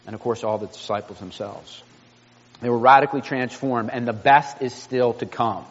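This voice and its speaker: A man's voice: medium pitch, steady tone, normal speed. A man preaching a sermon, earnest, asking the congregation rhetorical questions and often restarting his phrases. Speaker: pastor. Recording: muffled, reverberant room sound.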